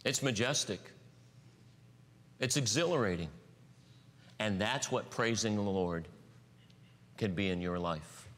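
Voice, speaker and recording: Bright-voiced man preaching in a reverberant hall. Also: takes it slowly, long pauses. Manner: storytelling, swings from hushed lows to raised highs. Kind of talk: sermon. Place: church sanctuary.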